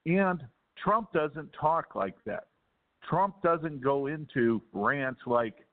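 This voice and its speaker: A man's voice: fairly high pitch, expressive, takes it slowly. A man calling in as a guest on a political talk show, ranting heatedly with bursts of laughter. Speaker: caller guest. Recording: tinny phone-like line.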